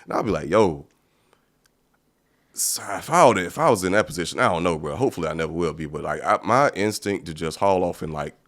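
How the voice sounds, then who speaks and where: A man with a low, deep voice riffs fast and loose as a podcast co-host. His talk is slangy, emphatic and rambling, full of filler words. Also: lively intonation, fairly bright tone. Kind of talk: casual chat.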